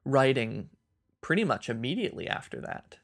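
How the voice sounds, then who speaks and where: A man's voice: medium pitch, sing-song, moderate pace, creaky, fairly bright tone, no echo, clean studio sound. A man co-hosting a casual film podcast, thoughtful and searching for words with frequent restarts. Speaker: podcast co-host.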